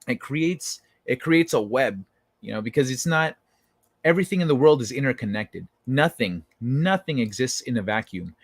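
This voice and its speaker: A man's voice: mid-range voice, animated, moderate pace, no room sound. A man hosting a casual late-night livestream, rambling and swearing with many restarts as he chats with viewers. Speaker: livestream host reading chat.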